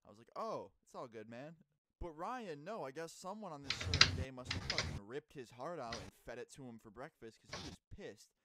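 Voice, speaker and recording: A young man in casual vlog storytelling, animated and profane, with sudden loud outbursts while telling a school story. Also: mid-range voice, a little fast, heavy background noise. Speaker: YouTuber. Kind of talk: casual storytime over gameplay.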